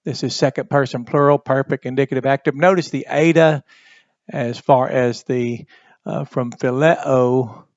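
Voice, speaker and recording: Teaching Bible Greek in a steady, medium-pitched voice, a man takes his time and frequently stalls on fillers mid-explanation. The audio is dry and slightly muffled, with no surrounding room sound.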